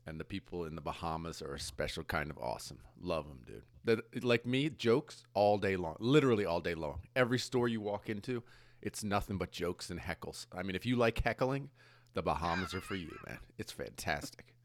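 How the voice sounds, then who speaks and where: A man co-hosting a trading show in casual chat, laid-back and quick to laugh, full of dude and man. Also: sits low, expressive. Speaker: co-host of options trading show.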